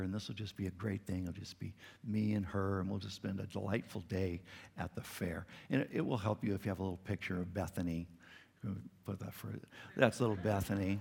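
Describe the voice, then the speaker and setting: A man's voice: fairly low pitch, creaky, long reverb tail, slight background noise. A middle-aged man preaching a sermon in a church, earnest and conversational with touches of light humor. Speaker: pastor. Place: church sanctuary.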